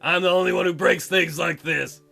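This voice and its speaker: A man's voice: high-pitched, steady tone, moderate pace, gravelly, sharp tone, faint music behind, pitched below the performer's own voice, heavily acted. A man voicing a clumsy, tearful young woman Santa in a visual novel, wailing and full of self-pity. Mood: despairing. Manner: sobbing, wailing and self-pitying. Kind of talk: reading a visual novel aloud.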